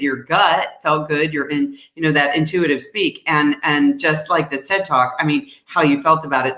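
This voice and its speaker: Low-voiced, enthusiastic woman host. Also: bright, forceful tone, roomy sound. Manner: affirming, enthusiastic reactions. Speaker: interview host. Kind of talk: live online interview.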